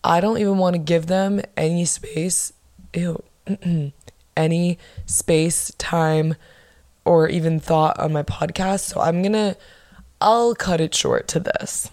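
A young woman hosting her own podcast, chatting casually and bluntly with lots of swearing and animated bursts of emphasis. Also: lowish voice, slow pace. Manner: blunt, profane, gossipy. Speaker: podcast host. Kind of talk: casual solo podcast chat.

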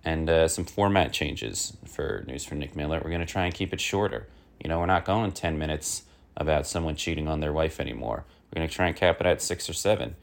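Hosting his own small comic news show, a man speaks fairly quickly in an extremely deep voice thick with gravelly fry. The monologue is casual and rambling, full of fillers, and it keeps drifting into irritable, exasperated rants.

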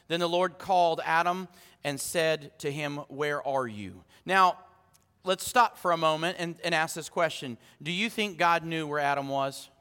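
A man pastor preaching a sermon in a lively way, joking with the congregation and often repeating words. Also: sits high, smooth, big-room sound. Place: church.

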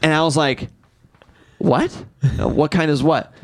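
A man in his twenties, a podcast co-host, telling a story in a casual, animated way, swearing freely and acting out what people said. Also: on the high side, unhurried, slight background noise. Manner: animated, swearing, acts out quotes.

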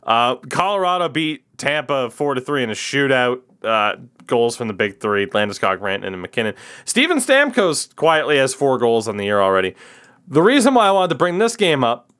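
Smooth-voiced opinionated man. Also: mid-range voice, very animated, normal speed, fairly bright tone. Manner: opinionated, rambling. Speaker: podcast host. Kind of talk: casual hockey podcast chat.

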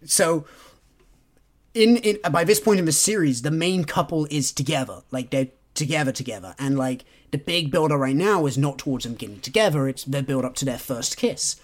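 A man's voice: a little high, animated, normal speed. A man co-hosting a podcast in casual book chat, teasing his co-host playfully and laughing often.

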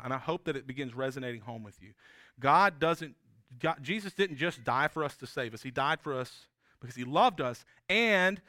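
A man's voice: fairly high pitch, bright, forceful tone, no room sound, clean studio sound. A man preaching a sermon as pastor, talking in an earnest, conversational way with frequent restarts and tag questions.

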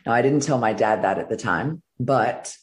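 A middle-aged woman from Virginia, a guest telling her personal story in an interview, earnest and halting with many fillers. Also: extremely low pitch, expressive. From Virginia, United States.

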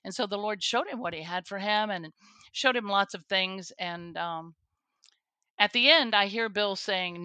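A woman's voice: medium pitch, a little slow, bright, forceful tone, clear, resonant tone, dry recording. A woman, a guest on a faith show, telling her own story earnestly, with restarts and the odd laugh. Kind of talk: personal testimony interview.

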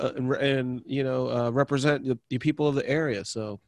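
A man co-hosting a laid-back podcast, rambling through his thoughts and swearing freely as he talks. His voice sits at an ordinary middle pitch. The sound is dry and close, with no room echo. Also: steady tone, brisk. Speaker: podcast co-host. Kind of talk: casual chat.

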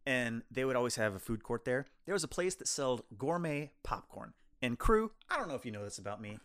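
In a casual conversation on a film review podcast, one male co-host speaks briskly at a medium pitch. He is lively and chatty and strays into long, rambling anecdotes.

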